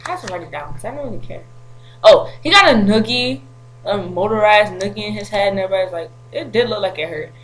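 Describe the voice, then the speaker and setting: A woman vlogging to camera, telling a story in an animated, slangy way with frequent laughter. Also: mid-range voice, quick pace, low-quality recording.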